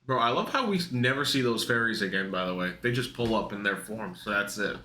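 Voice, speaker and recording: A young man in casual, profane reaction commentary, excitable and laughing, mocking the characters in put-on voices. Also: lowish voice, fairly quick, a little hiss or hum. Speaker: anime reaction youtuber. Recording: echoey room.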